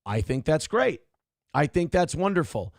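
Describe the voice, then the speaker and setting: A man's voice: fairly high pitch, big pitch swings, moderate pace, no room sound, clean studio sound. A man hosting a morning show, giving blunt, profane and sarcastic commentary on the news.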